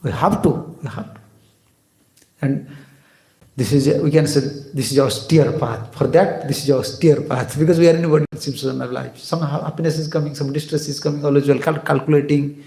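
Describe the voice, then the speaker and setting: A man's voice: on the high side, fairly even intonation, a little fast, vocal fry, warm tone, reverberant. A man giving a devotional sermon as a swami, emphatic, repeating phrases and asking rhetorical questions. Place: temple hall.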